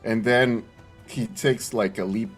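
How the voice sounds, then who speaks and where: Slow-talking excitable game player man. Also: lowish voice, breathy edge, soft background music. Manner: excitable, swearing, gets emotional. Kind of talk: tabletop game play, describing actions.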